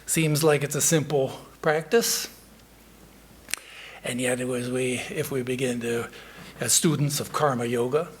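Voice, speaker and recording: A male monk giving a sermon in a temple, telling a story and reflecting in a measured way with frequent pauses and hesitations. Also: mid-range voice, steady tone, slightly rough.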